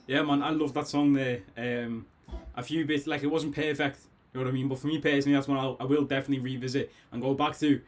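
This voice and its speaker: A man with a Scouse accent talks through an album in a loose, excitable ramble from his bedroom. He sounds a bit tipsy, laughs often and keeps circling back to his points. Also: medium pitch, fast. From Liverpool, England. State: tipsy after drinks. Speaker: music reaction host. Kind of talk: casual album reaction. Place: bedroom at home.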